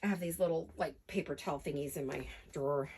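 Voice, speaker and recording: Woman, crafting vlog host, gravelly, playful self-talk, home studio, slight background hiss. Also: deep voice, fast talker, a little mellow. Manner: rambling, self-talking, playful. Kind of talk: chatty craft-along narration.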